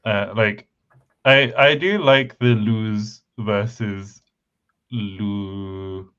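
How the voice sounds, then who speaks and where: A man co-hosting a casual chat, speaking hesitantly with many pauses and fillers. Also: on the low side, a bit bright, clear, resonant tone. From United Kingdom. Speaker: podcast co-host. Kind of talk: casual chat about language building. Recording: slightly dull lo-fi mic.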